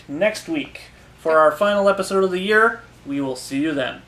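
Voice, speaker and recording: A man's voice: on the high side, moderate pace, fairly bright tone. Man, casual comic review chat, easygoing, chuckles, echoey room. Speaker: podcast co-host. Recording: roomy echo.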